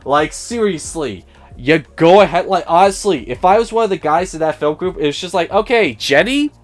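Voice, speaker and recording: A man's voice: a little high, expressive, fairly quick. A man giving a casual spoiler review of a film, sarcastic and profane, often mimicking the characters in a raised voice.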